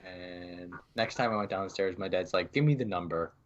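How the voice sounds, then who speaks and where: Male podcast co-host, lower voice, casual storyteller, muffled lo-fi sound. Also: normal speed. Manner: storytelling, acts out phone calls. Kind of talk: casual chat.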